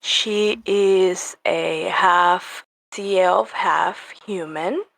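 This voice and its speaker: A woman's voice: fairly low pitch, drawn-out words, vocal fry, a bit bright. A young woman introducing her character in a tabletop game, shy and nervous. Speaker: player. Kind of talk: casual chat.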